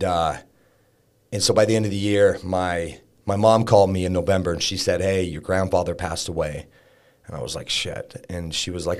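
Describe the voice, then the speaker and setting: Sitting low and a little mellow, his voice carries a raw personal story he shares as a guest on a podcast. The talk is candid interview storytelling: casual, frank, sprinkled with curses and fillers.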